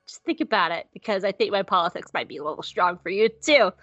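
A woman voicing a cool, secretive female senator who talks in a hushed, insistent, teasing way, on a dull lo-fi recording. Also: medium pitch, animated, quick pace, no echo. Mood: scheming.

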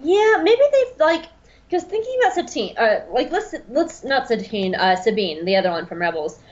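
A woman co-hosting a podcast, giving an animated comedic episode recap and laughing at her own slips. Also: fairly high pitch, normal speed. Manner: animated, laughing, self-correcting. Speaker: podcast co-host. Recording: dull lo-fi sound with faint music.

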